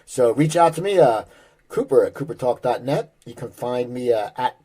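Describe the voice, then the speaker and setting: A male podcast host with a warm, mellow voice closes out the show. He rattles off where to find his guest and his own channels in an upbeat way, ending with a familiar catchphrase. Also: medium pitch, animated, moderate pace, slightly rough. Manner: upbeat, plugging links with a catchphrase sign-off. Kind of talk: podcast sign-off and promotion.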